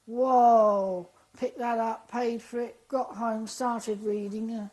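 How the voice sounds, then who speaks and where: Woman guest, somewhat high voice with a mellow warmth, animated storyteller who acts out quoted dialogue. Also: unhurried, rough recording. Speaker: interview guest. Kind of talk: conversational storytelling interview.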